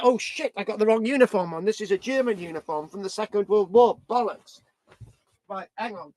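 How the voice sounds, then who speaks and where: A man's voice: high-pitched, fairly quick, darkish tone, dry recording. A British man vlogging in a rambling, scattered way, swearing and tagging his lines with "right?". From Britain. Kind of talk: rambling casual vlog.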